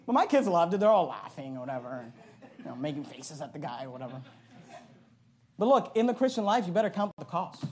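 Middle-aged male pastor with a high voice, loud and animated in the pulpit. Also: quick pace. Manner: bursts into yelling. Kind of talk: sermon.

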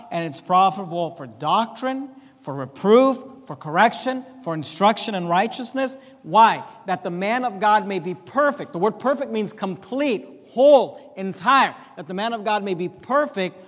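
A man's voice: high-pitched, in a large hall. A man preaching a sermon as pastor of his church, with an emphatic, repetitive cadence. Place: church sanctuary.

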